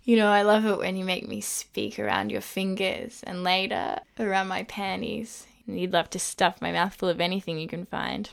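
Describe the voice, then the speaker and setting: A woman playing a teasing lover with a gravelly voice. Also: mid-range voice, animated, moderate pace, hardly any pauses.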